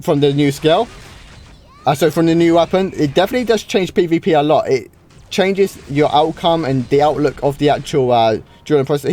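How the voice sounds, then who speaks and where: A man's voice: on the high side, darkish tone. A man casually commenting on his own live game duels, reacting often and restarting sentences. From United Kingdom. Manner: casual, reacting to play, frequent wows and restarts. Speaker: gaming streamer. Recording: faint game music behind.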